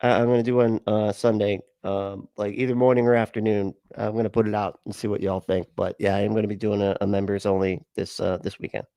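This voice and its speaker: A man's voice: on the low side, flat delivery, quick pace, hardly any pauses, dark tone, dry recording, clean studio sound. Chatty man hosting a livestream. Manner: chatty, rambling, laughs often. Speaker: livestream reaction host. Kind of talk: casual livestream commentary.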